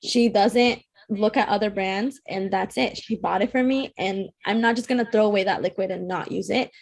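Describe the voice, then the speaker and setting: A woman's voice: medium pitch, normal speed, vocal fry, darkish tone. A woman who founded a shop, speaking as an interview guest and earnestly making her case. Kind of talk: casual interview chat.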